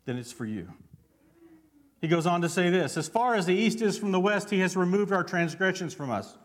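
A man's voice: high-pitched, animated, a little fast. A man preaching a sermon as pastor, fervent and constantly asking his congregation questions.

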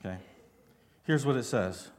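A man's voice: medium pitch, expressive, moderate pace. A man preaching a sermon as pastor, fervent and constantly asking his congregation questions.

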